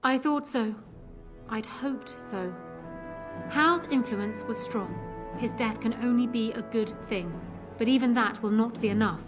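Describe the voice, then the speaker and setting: An actress voicing a grave, earnest young noblewoman in a game, with formal, measured speech. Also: on the high side, natural voice. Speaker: game character. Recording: game audio with music behind.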